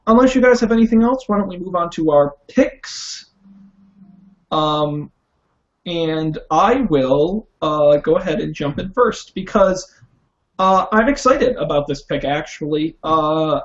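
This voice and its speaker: Male podcast host, slightly higher voice, upbeat and chatty, dull lo-fi audio. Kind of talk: casual tech podcast chat.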